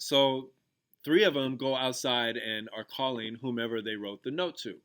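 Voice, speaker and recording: A man who teaches and hosts a podcast speaks at medium pitch and a moderate pace, his tone fairly bright, clear, and resonant. Talking casually with plenty of fillers and restarts, he guides listeners through a gratitude exercise and retells a story from his class.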